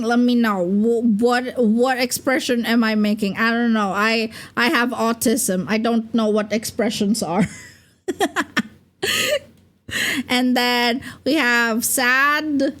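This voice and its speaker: A woman's voice: fairly high pitch, steady tone, slow pace, a bit bright. A young adult woman chatting casually on a livestream as a VTuber, rambling and giggling with lots of fillers. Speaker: VTuber streamer.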